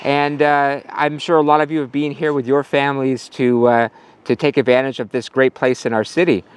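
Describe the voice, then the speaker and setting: A man's voice: mid-range voice, level tone, normal speed, clean tone, dry recording. A male pastor giving a casual sermon outdoors at a farm, telling a story with some fillers.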